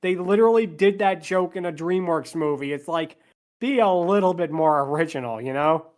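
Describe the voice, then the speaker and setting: A man's voice: fairly high pitch, moderate pace, a little mellow. A man hosting a podcast, walking through a movie's plot scene by scene and dropping sarcastic asides. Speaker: podcast host.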